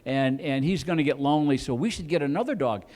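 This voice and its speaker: A man's voice: on the high side, quick pace, darkish tone, natural voice. A man putting on a coaxing, evasive wife. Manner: hedging, wheedling, trailing off.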